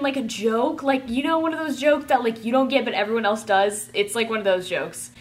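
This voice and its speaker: Chatty young woman, higher voice. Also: normal speed. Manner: chatty and rambling, filled with "like"; excitable fan gushing. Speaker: vlogger. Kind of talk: casual storytime.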